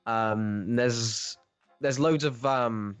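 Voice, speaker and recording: A man's voice: mid-range voice, very slow, smooth, dry recording, faint music behind. A man co-hosting a podcast, chatting casually about a film, rambling and laughing often. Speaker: podcast co-host. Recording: dry, slightly dull podcast audio.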